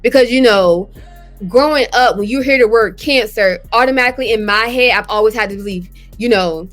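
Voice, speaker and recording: A woman who survived cancer appears as an interview guest, telling her own story candidly and conversationally. She's earnest and often voices her past thoughts aloud. Her voice is a little high, a little fast, and a bit bright, with faint music behind.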